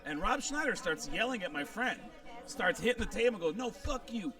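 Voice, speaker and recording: A male comedian telling an animated, profane anecdote in casual conversation. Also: high-pitched, brisk, recorded from a distance. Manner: animated anecdote teller, swears freely. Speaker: comedian guest. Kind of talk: casual storytelling.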